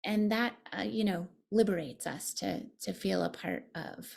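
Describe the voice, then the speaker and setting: Gravelly-voiced woman meditation teacher. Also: medium pitch, unhurried. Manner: thoughtful, warm, earnest. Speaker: meditation teacher, interview guest. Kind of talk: conversational interview.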